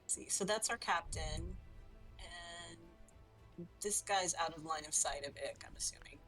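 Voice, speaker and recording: Woman player, slow and hesitant, thinks aloud, faint music behind. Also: fairly low pitch, a bit bright, low-quality recording. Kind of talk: playing a tabletop game online.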